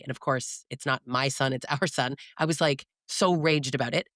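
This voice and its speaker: A woman's voice: rumbling low, quick pace, hardly any pauses, no room sound. Woman podcast host, chatty and disbelieving, dry close sound. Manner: animated, incredulous storytelling. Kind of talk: casual conversational podcast.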